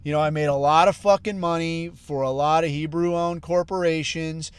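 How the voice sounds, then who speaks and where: A man's voice: a little high, steady tone, moderate pace, clean tone. A middle-aged man hosting a podcast, ranting casually with heavy swearing and a constant "dude" and "bro.". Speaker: podcast host. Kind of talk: casual profane rant.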